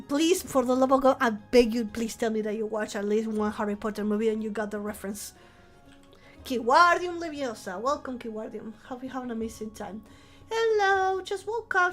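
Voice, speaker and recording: A woman streamer chatting casually with her viewers in a soft, playful voice while recovering from the flu. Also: high-pitched, normal speed, faint music behind. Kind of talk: casual live-stream chat.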